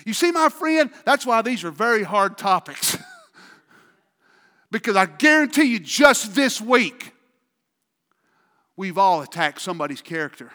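A pastor delivers his sermon in a high, bright voice that rises and falls in wide swings. He bursts into shouts on key words, then drops to quiet asides, all of it ringing in a long hall reverb. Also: expressive, a little slow, pauses often. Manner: preaching with sudden shouted outbursts and quiet asides.

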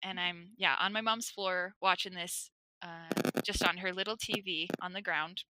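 A young woman co-hosting a podcast, telling a story in a casual chat, animated and laughing, with lots of "like". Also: lowish voice, normal speed, no room sound. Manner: animated, laughing, says "like" often.

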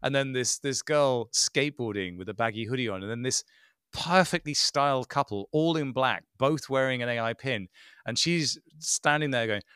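Man, podcast co-host, sardonic and lively, clean close dry sound. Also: medium pitch, normal speed, clean tone, dry recording. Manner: animated, mocking impressions, sarcastic. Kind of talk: casual tech podcast chat.

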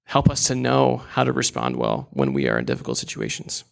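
Young guy giving a sermon, gravelly voice, earnest and candid, chatty asides. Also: a bass voice, huge pitch swings, fairly quick. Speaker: preacher.

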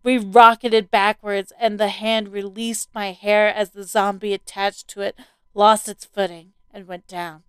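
A woman reading a first-person horror story aloud as a scripted narration, with steady, vivid storytelling. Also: mid-range voice, clean tone, no room sound.

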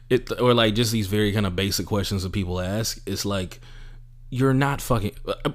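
A man's voice: fairly low pitch, a little fast. A young adult man, a comedian, ranting casually and profanely, acting out the people he quotes. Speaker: podcast host and comedian. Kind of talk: casual monologue.

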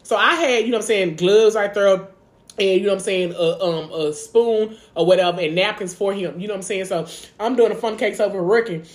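Fast-talking animated woman telling stories. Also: medium pitch, roomy sound. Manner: animated, laughs often, says "you know what I'm saying" a lot. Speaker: podcast co-host. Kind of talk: casual storytelling chat.

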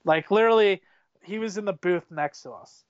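A man casually telling excitable, rambling stories, full of fillers and restarts. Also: high voice, moderate pace, no room sound, highs cut off. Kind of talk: casual storytelling chat.

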